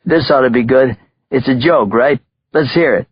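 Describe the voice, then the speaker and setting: A man's voice: mid-range voice, normal speed, no echo, dull audio, pitched above the performer's own voice, lightly acted. A man voicing an obese middle-aged mobster from Brooklyn with a Brooklyn accent, taunting and crude. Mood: mocking. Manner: gruff, taunting, laughing at others. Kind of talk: audiobook character voice.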